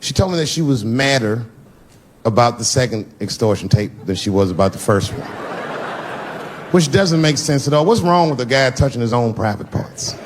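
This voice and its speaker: A man's voice: medium pitch, expressive, moderate pace. Middle-aged man doing stand-up storytelling. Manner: loose storytelling, acts out quotes. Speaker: stand-up comedian. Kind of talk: stand-up comedy routine. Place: comedy stage before an audience. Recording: noisy live stage recording.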